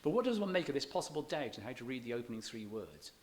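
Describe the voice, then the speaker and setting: Speaking in a sing-song, mid-range voice, a man gives a public poetry lecture in a church hall. His manner is measured and scholarly; he slows to read verse aloud with stressed beats and sometimes starts his words over.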